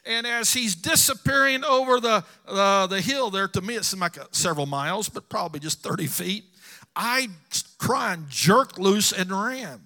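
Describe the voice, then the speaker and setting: A man's voice: high-pitched, moderate pace, bright, forceful tone. A middle-aged man preaching a sermon, telling personal stories earnestly to his congregation. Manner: storytelling, earnest, addresses congregation.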